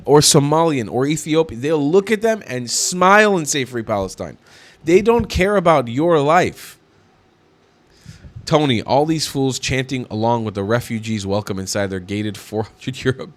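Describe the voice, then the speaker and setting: Guy ranting about clips, mocking and fed up. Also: mid-range voice. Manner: indignant, mocking, rants. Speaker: commentator. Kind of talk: reaction commentary.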